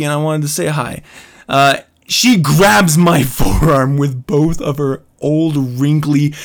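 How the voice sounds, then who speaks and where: A man hosting his own podcast, telling a story in a casual monologue, swearing freely and laughing often as he rants. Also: high-pitched. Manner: animated, profane storytelling rant with frequent laughs. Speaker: podcast host.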